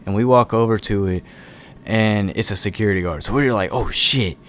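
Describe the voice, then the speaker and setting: A young man tells a rambling, profanity-laced story in a relaxed, offhand way. His voice sits a little low. A faint hum of ambience lingers behind him. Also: fairly quick. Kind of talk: casual storytime.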